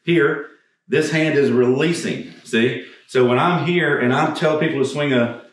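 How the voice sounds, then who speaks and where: Speaking a little slowly in a medium-pitched voice, a man coaches golf swings on video with an informal, direct manner. He swears now and then and runs short of breath while showing the moves, and the distant mic picks up an echo.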